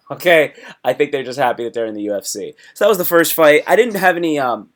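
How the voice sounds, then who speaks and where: Hosting a live stream, a man recaps fights in loose, excitable chatter that hops between topics and erupts into sudden loud yelps. He talks fast at a fairly high pitch.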